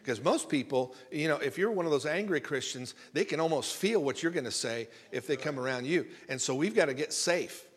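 In a church sanctuary with echoing hall acoustics, a man preaches a rambling, folksy sermon in a conversational style, repeating words to build emphasis. His voice is on the high side and expressive, with a brisk pace and hardly any pauses.

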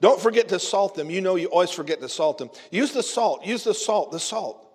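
A man's voice: lively intonation, a little fast, darkish tone, slightly rough, long reverb tail, full character voice. A man voicing a panicky, bossy husband who nags his wife while she fries eggs. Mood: frantic. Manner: frantic, shrill, bossy. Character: panicky nagging husband hovering in kitchen.

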